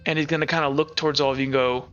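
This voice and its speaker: A man's voice: fairly high pitch, little pitch movement, racing, fairly bright tone, highs cut off. A man narrating as game master of a tabletop game in a casual, rambling way.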